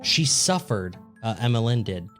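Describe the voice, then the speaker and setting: A man's voice: fairly low pitch, big pitch swings, moderate pace. Guy on a podcast reading a news story, crude jokes, laughs a lot, music playing under him. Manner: laid-back, crude joking, laughs often. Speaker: podcast co-host.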